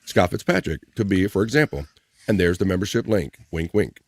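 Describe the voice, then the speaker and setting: A man hosts a live stream and reads viewer comments aloud, joking and calling out names. His voice sits fairly low. The sound is dry and close, with no room echo. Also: lively intonation, a little fast. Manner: playful, jokey, shouting out viewers by name. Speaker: live-stream show host.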